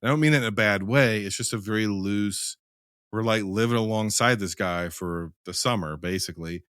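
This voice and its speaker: A man's voice: lowish voice, normal speed, a bit bright, clear, resonant tone, no echo, clean studio sound. A man in a casual film-review chat, rambling and emphatic, who swears freely.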